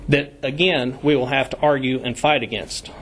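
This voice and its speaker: A man speaking at a county commission meeting as a member of the public, deliberately reading out code sections and stressing key words. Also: medium pitch, fairly even intonation, a bit bright, slightly rough.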